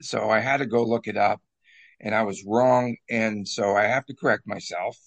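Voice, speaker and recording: A man co-hosting a casual hockey talk show, jokey and quick to laugh at his own bits. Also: lowish voice, fairly even intonation, creaky. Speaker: sports talk co-host.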